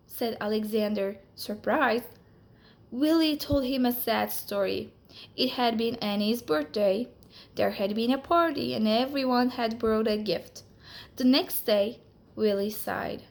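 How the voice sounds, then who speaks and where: In a slow, expressive storytelling style, a woman reads aloud from a children's picture book. Her voice is fairly high and gravelly.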